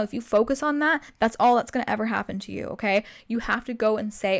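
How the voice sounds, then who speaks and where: A young woman delivers motivational advice as a self-improvement host, her voice sitting a touch high. She talks in an animated, coaching way, slipping into her own inner voice to act out worst and best cases. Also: a little fast, vocal fry, hardly any pauses.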